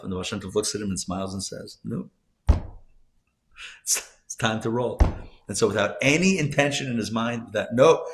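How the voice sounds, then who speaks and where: A man, a rabbi, teaching a live class, telling stories conversationally with asides and self-corrections, his voice swinging between loud emphasis and soft hushed moments. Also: medium pitch. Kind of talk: live class lecture with storytelling. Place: class room at a community center.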